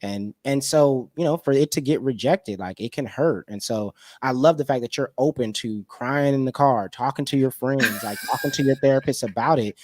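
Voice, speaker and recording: A man hosting a casual interview, relaxed and affirming, with loose slangy phrasing. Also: medium pitch, normal speed, hardly any pauses. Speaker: interview host.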